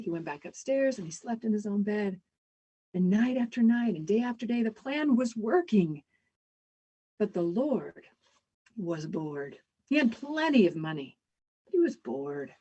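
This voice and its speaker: Husky-voiced woman telling a story. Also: mid-range voice, mellow, dull audio. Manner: measured, with dramatic pauses. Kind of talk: live storytelling performance.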